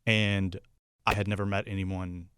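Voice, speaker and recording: A young man talking casually on a podcast, laughing easily and filling pauses with "um." His voice is low and smooth. The sound is dry and close. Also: flat delivery, a bit bright, no echo. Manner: easygoing, laughs often, many fillers. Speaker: podcast producer. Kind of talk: casual chat.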